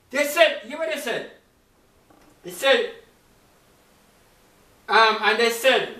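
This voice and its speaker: A male preacher delivering an emphatic sermon full of rhetorical questions and sudden leaps in pitch. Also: lively intonation, slow, long pauses, bright, forceful tone. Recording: echoey room, mic at a distance.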